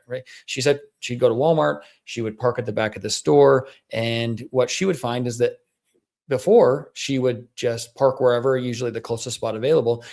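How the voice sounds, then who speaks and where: A man's voice: medium pitch, darkish tone. A male wellness podcast co-host who explains his points through patient stories in a casual, conversational way, with frequent restarts. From Southern Utah.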